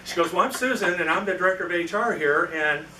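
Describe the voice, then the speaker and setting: High-voiced and fast-talking, a guest presenter tells an anecdote at a club meeting, acting out the dialogue of its people. The background is noisy, and the meeting room sounds echoey through a distant mic.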